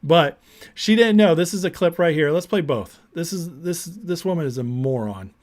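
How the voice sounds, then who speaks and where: A man's voice: a little high, normal speed, a little mellow. A man hosting a political commentary show, ranting emphatically and indignantly, often repeating words.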